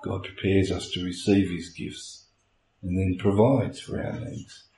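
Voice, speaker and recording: A man's voice: low voice, level tone, a little slow, warm tone. A man preaching a sermon as a pastor, explaining earnestly with homely everyday illustrations, recorded in a church. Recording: echoey room with faint hiss.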